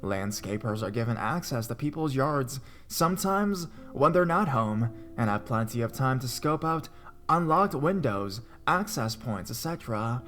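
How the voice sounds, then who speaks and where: A man reading a horror story aloud in a dramatic style, his voice climbing higher and louder at the tense moments. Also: animated, a little slow, soft background music. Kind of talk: scripted horror story narration.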